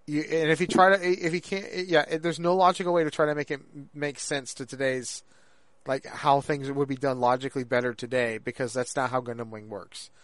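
A man co-hosting a podcast in casual chat, rambling and halting with lots of fillers and restarts. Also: mid-range voice, level tone, no echo. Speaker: podcast co-host.

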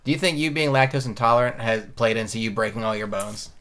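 A man's voice: mid-range voice, flat delivery, fast, a bit bright. A man in his late twenties co-hosts a casual podcast. He has a mid-range voice and a teasing, profane way of talking. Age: 20s. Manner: teasing, swears a lot. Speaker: podcast co-host. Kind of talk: casual chat.

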